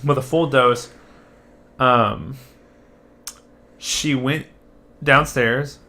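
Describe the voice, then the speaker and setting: A young man with a mid-range voice chats on a podcast. He talks in an excitable, loose way and swears casually. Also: medium pitch, extremely slow. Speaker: podcast co-host. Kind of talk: casual chat.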